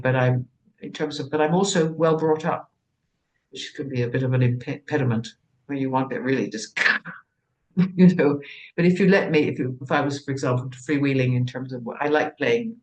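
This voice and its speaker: A woman's voice: rumbling low, poor audio. An older woman, an actress being interviewed, talking in a rambling, anecdotal way with frequent restarts. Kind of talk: casual conversation.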